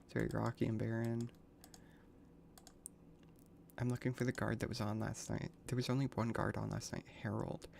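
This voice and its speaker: A man's voice: fairly low pitch, flat delivery, normal speed, vocal fry, pauses often, darkish tone, a little hiss or hum. A man streaming a game, reading the dialogue aloud and reacting with crude slang and frequent swearing. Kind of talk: casual gaming livestream commentary.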